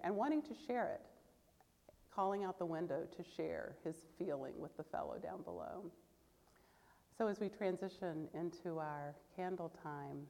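A woman leading a church service, reading a story aloud with expressive delivery, then speaking gently to the congregation. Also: deep voice, gravelly, in a large hall. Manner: expressive, animated reading that turns soft and gentle. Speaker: service leader.

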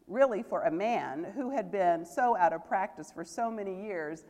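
A woman leading a church service, reading a story aloud with expressive delivery, then speaking gently to the congregation. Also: mid-range voice, normal speed, in a large hall. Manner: expressive, animated reading that turns soft and gentle. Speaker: service leader.

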